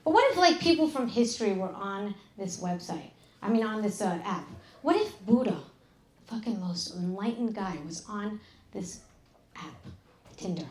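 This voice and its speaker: A middle-aged woman doing a live stand-up set, brash and profane, with deadpan asides. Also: medium pitch, normal speed, echoey room. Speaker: stand-up comedian. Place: club stage with an audience. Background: audience laughter.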